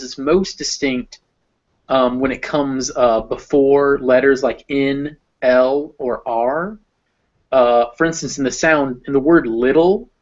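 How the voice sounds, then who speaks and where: A man tutoring a student one-on-one in pronunciation, patiently explaining sounds and modeling words aloud. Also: medium pitch. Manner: patient, explaining with spoken examples. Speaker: phonetics tutor. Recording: dull lo-fi recording.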